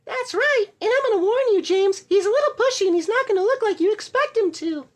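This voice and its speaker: A woman voicing an excitable talking sock puppet in a comedy puppet skit. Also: very high voice, fairly quick. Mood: warning.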